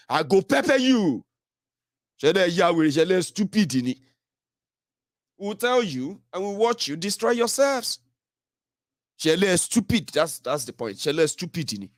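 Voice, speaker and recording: Nigerian guy ranting about politics, kinda high voice that jumps all over, mocking and fired up, dry close sound. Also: no echo. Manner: fiery, mocking, slips into Pidgin. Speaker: political commentator. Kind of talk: heated political commentary.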